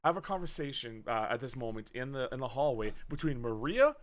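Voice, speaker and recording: A man co-hosting a podcast, chatting casually about a movie, swearing often and acting out scenes in quick put-on voices. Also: mid-range voice, big pitch swings. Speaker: podcast co-host. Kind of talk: casual movie review chat.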